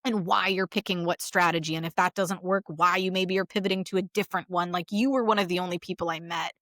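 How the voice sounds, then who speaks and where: A woman therapist co-hosting a podcast in casual chat, telling stories in an animated, expressive way and acting out quotes. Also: fairly low pitch, quick pace, no echo, studio quality. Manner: animated, expressive storyteller who acts out quotes.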